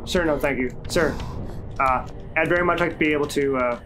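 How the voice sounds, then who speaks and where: A gamer plays through a let's play while delivering casual commentary that is frantic, profane, and self-deprecating. He talks fairly quickly in a mid-range voice as game music plays.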